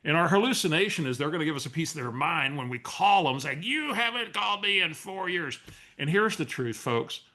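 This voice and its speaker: A man leading a coaching webinar, telling a story in an animated, restarting way. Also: mid-range voice, gravelly. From San Antonio area, US. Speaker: real estate coach. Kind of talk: webinar training talk.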